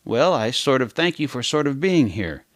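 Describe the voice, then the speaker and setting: A man's voice: mid-range voice, big pitch swings, normal speed, a bit bright, dry recording, studio quality. A man voicing a stiff, formal male journalist interviewing a teenager. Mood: mock-formal. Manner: formal, mock-polite questioning.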